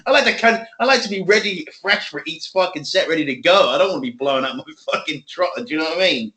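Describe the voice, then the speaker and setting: Young man, bright tone, sweary, laughs a lot, casual podcast co-host. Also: a little high, fast talker. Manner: swears a lot, laughs often, animated storytelling. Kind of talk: casual chat.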